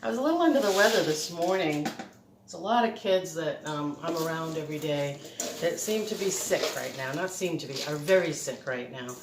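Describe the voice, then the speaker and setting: A woman's voice: fairly low pitch, expressive, brisk, background noise. Chatty, slightly breathless middle-aged woman for a home cooking vlog, filmed on a phone in an echoey kitchen. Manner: chatty, rambling, laughs often. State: a little breathless. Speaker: cooking vlogger. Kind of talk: casual home cooking demo. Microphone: phone camera.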